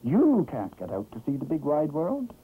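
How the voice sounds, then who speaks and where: A man's voice: fairly high pitch, wildly swooping pitch, moderate pace, slightly rough, heavily acted. A man voicing a proud, cross male duck in a 1960s cartoon, talking in a bossy, huffy way. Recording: muffled, hissy 1960s film soundtrack.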